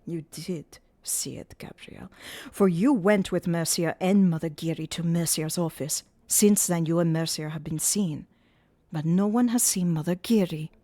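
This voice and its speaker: A woman's voice: fairly low pitch, normal speed, warm tone, lightly acted. A woman voicing an agitated male opera secretary who exclaims in rising outbursts. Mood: accusing.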